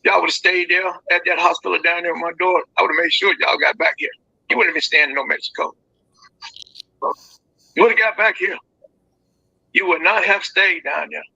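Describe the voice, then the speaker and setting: Gravelly, intensely bright middle-aged man. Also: high voice, steady tone, brisk, pauses often, no echo. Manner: firm, blunt, emphatic. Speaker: guest, a grieving father. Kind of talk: live online interview. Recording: dull lo-fi line.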